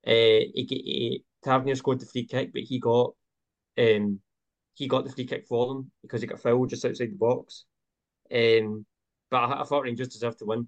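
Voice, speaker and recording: A man's voice: mid-range voice, level tone, normal speed, vocal fry, highs cut off. A man hosting a casual football podcast, talking with many hesitant fillers. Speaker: podcast host.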